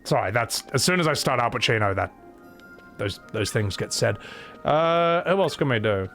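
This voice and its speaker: A man's voice: mid-range voice, expressive, moderate pace, fairly bright tone. A young man giving casual, self-deprecating commentary while streaming a game, with music faintly behind.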